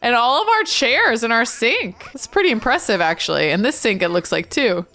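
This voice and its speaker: A woman's voice: fairly high pitch, very animated, moderate pace, fairly bright tone. A woman giving chatty, giggly let's-play commentary on her life-simulation game as a gaming YouTuber.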